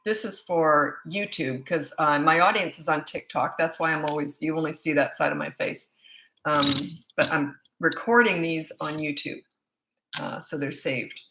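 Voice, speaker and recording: A Canadian woman hosts a live-stream parenting Q&A on her own microphone. Her voice sits a little low, and she talks in a chatty, frank way. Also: fairly even intonation, normal speed, bright, forceful tone, a little hiss or hum, poor audio. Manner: chatty and frank, greeting viewers by place. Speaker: parenting coach. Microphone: own set-up microphone.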